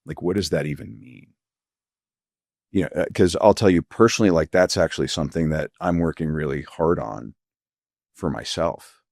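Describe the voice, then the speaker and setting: A middle-aged male physician speaking in an interview, earnest and halting, searching for words and sometimes emotional. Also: very deep voice, gravelly, darkish tone, no room sound, studio quality. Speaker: physician guest. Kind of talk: reflective interview conversation.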